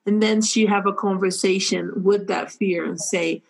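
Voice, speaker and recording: A woman speaking English with a non-native accent, telling stories with animated energy on a casual podcast. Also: medium pitch, moderate pace, creaky, few pauses, low-quality recording. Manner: animated storytelling, warm and earnest. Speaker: podcast co-host. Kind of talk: casual chat.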